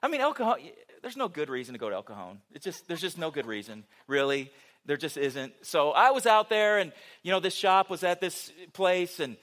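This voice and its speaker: A man's voice: a little high, very animated, brisk, a bit bright. A middle-aged man preaching a sermon, telling a story with humor and asking the audience questions.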